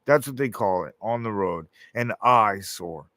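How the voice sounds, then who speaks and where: A man's voice: lowish voice, animated, moderate pace, no echo. A man delivering a rambling, profane monologue, often acting out quoted voices. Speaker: show host.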